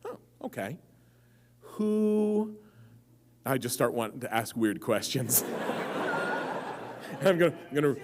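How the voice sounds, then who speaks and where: A man in his forties talks to a big convention audience through a microphone, joking and swinging his voice up and down as he acts out little scenes. His pitch sits in the middle, and there is a faint hum under the live room sound. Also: slow pace, long pauses. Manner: jokey, animated storytelling with quoted voices. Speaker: author at a convention panel. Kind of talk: live stage talk and Q and A. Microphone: handheld or stand mic.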